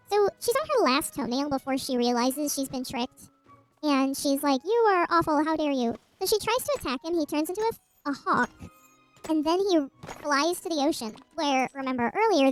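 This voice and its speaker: A woman's voice: sits high, lively intonation, normal speed, faint music behind, poor audio. A woman streamer casually retelling a myth while gaming, rambling with asides and restarts.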